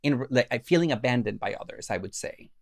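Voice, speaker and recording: Man, co-host; gravelly, dry close sound, measured explanations. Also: mid-range voice, animated, dry recording. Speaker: podcast co-host. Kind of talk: casual philosophical discussion.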